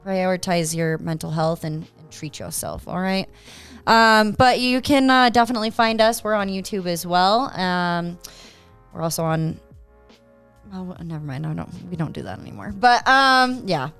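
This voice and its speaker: A woman's voice: on the low side, lively intonation, normal speed, a bit bright, clean tone, soft background music. A woman guesting on a podcast, chatty and self-deprecating as she talks about her own show. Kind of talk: casual podcast chat.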